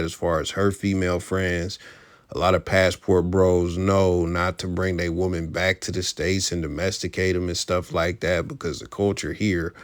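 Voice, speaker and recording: A man's voice: deep voice, no room sound, studio quality. A man hosting casual, slangy commentary on an old comedy clip, speaking emphatically. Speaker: commentary host.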